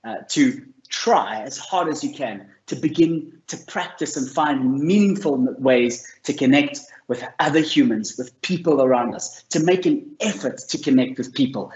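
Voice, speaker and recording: A man's voice: mid-range voice, lively intonation, normal speed, hardly any pauses. A man presenting a mental health course, telling stories in an earnest, encouraging way. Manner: earnest, storytelling, warm and encouraging. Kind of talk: motivational talk to camera. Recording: roomy, slightly dull sound.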